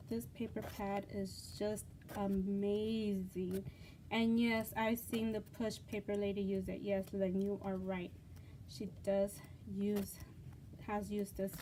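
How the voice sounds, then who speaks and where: A woman hosting a casual craft unboxing vlog, gushing and excitable, with lots of fillers and repeated words. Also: mid-range voice, takes it slowly, slight background noise. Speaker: craft channel host.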